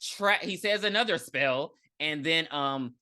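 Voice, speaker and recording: A woman with a somewhat low, bright voice co-hosts a casual podcast. She recaps the story in animated, slangy chat. She keeps breaking into other people's lines and laughing as she goes. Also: measured pace. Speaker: podcast co-host.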